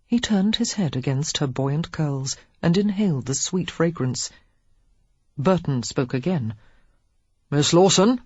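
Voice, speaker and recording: Husky, dry-sounding audiobook narrator. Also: medium pitch, dry recording. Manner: steady, measured storytelling. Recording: dull lo-fi audiobook recording.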